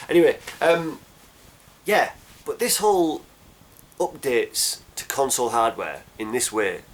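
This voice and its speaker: A man's voice: mid-range voice, very animated, unhurried. A man in his thirties giving casual, rambling commentary as a gaming video maker. He grumbles, hesitates a lot and restarts his sentences. His accent drifts after more than a decade living abroad.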